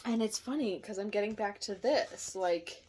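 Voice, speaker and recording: A woman's voice: mid-range voice, moderate pace, a little mellow, slight background noise. A woman giving a casual tarot reading in a chatty way, often laughing, apologizing and correcting herself mid-sentence. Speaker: tarot reader.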